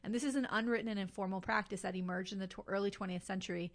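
Gravelly-voiced woman podcast host. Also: mid-range voice, fairly even intonation, racing. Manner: chatty storyteller, lots of fillers and asides. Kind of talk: casual podcast chat.

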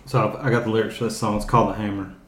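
Man, monotone delivery, low-ish voice, matter-of-fact, echoey room. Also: very fast, a little hiss or hum. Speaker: podcast host. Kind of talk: casual faith podcast talk.

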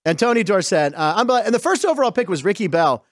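Middle-aged guy rambling about old football clips, kinda high voice, dry close mic. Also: fast, dry recording. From western Pennsylvania. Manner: chatty, digressive, excited storytelling. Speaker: sports show host. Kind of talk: casual sports chat over game clips.

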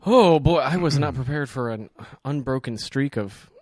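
A man co-hosting a podcast in casual chat, joking wryly and clearing his throat, a little congested. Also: medium pitch, normal speed, no room sound, clean studio sound. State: slightly congested. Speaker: podcast co-host.

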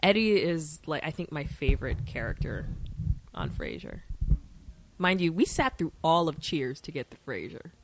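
A woman's voice: deep voice, sing-song, moderate pace, slight background noise. A young woman co-hosting a casual watch-along chat, playful and chatty. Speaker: co-host.

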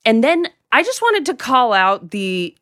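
A woman's voice: on the high side, very animated, a little slow, a bit bright, dry recording, studio quality. A woman co-hosting a podcast, running through events and news in an upbeat, chatty way with plenty of fillers. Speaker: podcast co-host. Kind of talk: casual news rundown. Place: home in a city, remote recording.

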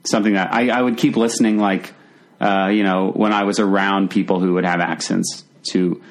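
A man with a lowish voice chats as a podcast guest. He rambles and restarts, filling pauses with ums and uhs. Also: fairly even intonation. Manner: rambling, many fillers and restarts. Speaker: comedian guest. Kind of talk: casual podcast chat.

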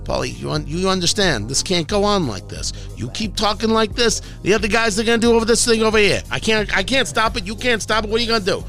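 A man's voice: sits high, expressive, fast talker, vocal fry, hardly any pauses, pushed and bright, faint music behind, exaggerated voice. A man voicing a menacing mobster who makes veiled threats in a coaxing, repetitive way.

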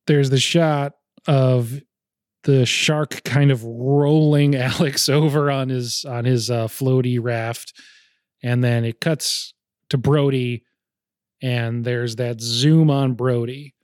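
Young guy chatting about movies, laughs a lot, dry close sound, middling pitch. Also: fairly even intonation, takes it slowly, darkish tone, dry recording. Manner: rambling, laughs often, restarts. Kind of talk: casual film chat.

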